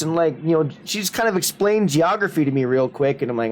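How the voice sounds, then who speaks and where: A streaming host from the Upper Midwest talks casually and rambles through his stories with jokes. His voice sits a bit high for a man and swoops lively up and down. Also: quick pace, few pauses. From Upper Midwest United States. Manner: rambling storyteller, animated and joking. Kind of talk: casual chat.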